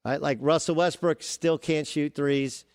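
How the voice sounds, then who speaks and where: A man hosting a sports talk show, arguing his points forcefully with everyday analogies. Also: a little high, fairly even intonation, unhurried, no echo, studio quality. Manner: emphatic, argues with everyday analogies. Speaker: fill-in sports talk host.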